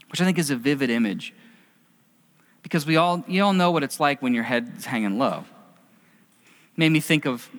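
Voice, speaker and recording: A middle-aged pastor preaches a sermon conversationally, telling stories and acting out quotes as he goes. His voice is medium-pitched and a bit bright, with the long reverb of a hall.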